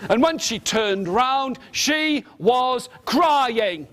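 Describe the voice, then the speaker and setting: A middle-aged man telling an interactive story to a live audience, lively and animated, leading the listeners in call-and-response and gestures. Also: very high voice, drawn-out words, a little hiss or hum. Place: large room with a live audience.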